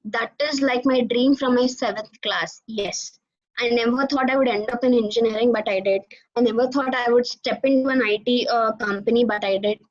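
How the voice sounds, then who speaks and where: A young woman, giving an animated alumni talk to students over a video call. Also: on the high side, normal speed. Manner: animated storytelling, addresses audience directly. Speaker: alumni guest speaker. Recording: dull lo-fi video call audio.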